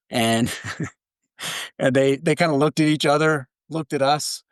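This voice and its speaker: A man from Canada, a keynote speaker, telling a story in an animated way and laughing as he goes. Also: mid-range voice, a little slow, no room sound, clean studio sound. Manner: lively, laughs through his story.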